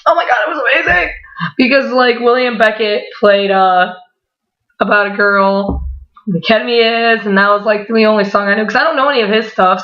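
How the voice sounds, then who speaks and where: A young woman chatting straight to her camera, excitable and peppering her story with "like" and the odd swear word. Her voice sits in the middle of the range. The sound is dull and lo-fi, with a roomy echo around it. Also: mid-range voice. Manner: excitable, swearing, laughing often, lots of "like". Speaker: vlogger. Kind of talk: casual vlog storytelling. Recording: echoey room, dull lo-fi sound.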